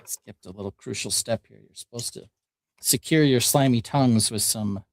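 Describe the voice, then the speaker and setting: A man's voice: mid-range voice, moderate pace, dry recording. Easygoing man chatting while he builds. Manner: easygoing, explains steps as he builds. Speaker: host. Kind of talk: casual live-stream chat while building.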